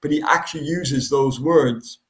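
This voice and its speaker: A man's voice: a little high, measured pace, reverberant. A man co-hosting a podcast, explaining a book's details in a confident, casual way. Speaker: podcast co-host. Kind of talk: casual chat explaining a book.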